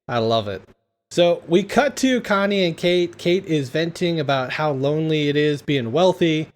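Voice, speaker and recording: A man's voice: a little high, expressive, moderate pace. A man hosting a casual podcast, retelling a comedy film scene by scene and laughing often. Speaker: podcast host.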